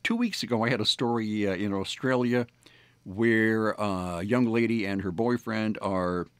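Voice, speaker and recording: A morning radio host tells stories on air casually and ramblingly, with lots of fillers and restarts. His voice is on the low side and smooth, at normal speed, recorded on a studio microphone with no echo.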